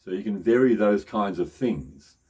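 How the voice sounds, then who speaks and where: A man's voice: on the low side, moderate pace, warm tone, breathy edge. Man teaching voice projection, many restarts. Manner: restarts and repeats phrases often; shifts into demonstration voices. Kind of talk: casual spoken voice lesson.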